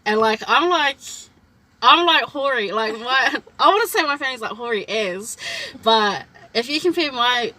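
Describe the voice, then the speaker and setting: Bright animated young New woman. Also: a little high, moderate pace, rough recording. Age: 20s. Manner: animated storytelling, acts out quoted lines. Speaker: vlog host. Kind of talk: casual personal chat.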